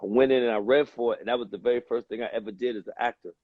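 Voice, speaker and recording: A male actor as guest on a talk show, telling stories slowly and reflectively, acting out quoted voices and swearing now and then. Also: mid-range voice, steady tone, no room sound, phone-quality sound. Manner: slow, reflective storyteller who acts out quoted voices and swears. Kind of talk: casual chat.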